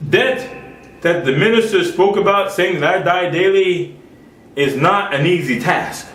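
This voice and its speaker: A man preaching a sermon in an emphatic, folksy way, swinging between loud outbursts and quiet asides. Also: high-pitched, unhurried, roomy sound, recorded from a distance.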